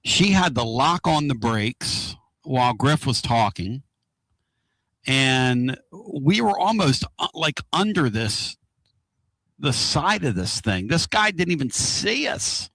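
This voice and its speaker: A man hosting a casual radio talk show from inside a moving car, excitable and rambling. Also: medium pitch, slow pace, dry recording. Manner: excitable, rambling and loud-mouthed.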